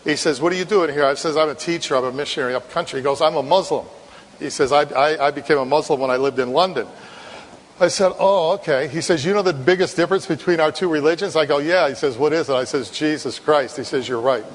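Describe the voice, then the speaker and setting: A man's voice: a little high, fast, a little hiss or hum. A man from Ireland, a missionary preacher, giving a sermon in a conversational storytelling way, often repeating words. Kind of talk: sermon with anecdote. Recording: long reverb in a hall.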